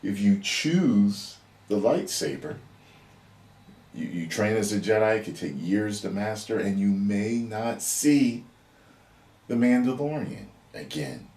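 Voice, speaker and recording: Soft calm mentor guy, a man retelling his lines, hushed, kind of roomy. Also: fairly low pitch, takes it slowly, far from the mic. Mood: gentle, hushed. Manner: hushed and quiet. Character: calm gentle male mentor, softly explaining a choice.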